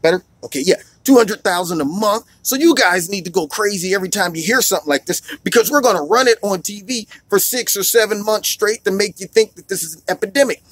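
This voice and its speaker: A man who was once a school principal gives an opinion monologue, animated and acting out the people he quotes. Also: high-pitched, quick pace, few pauses, breathy edge, no echo. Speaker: political commentator, former school principal.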